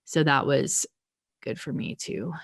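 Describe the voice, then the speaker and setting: A woman co-hosting a podcast, chatting casually and telling stories with lively acted-out quotes. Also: extremely low pitch, unhurried, vocal fry. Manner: animated storytelling with laughs, acts out quotes. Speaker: podcast co-host. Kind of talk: casual chat.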